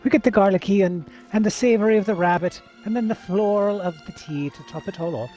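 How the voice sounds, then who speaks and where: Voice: medium pitch, quick pace, mellow, muffled recording, soft background music, close to an everyday voice. A player voicing a courteous, food-loving male wood elf in a game role-play, speaking in polite, genteel phrases.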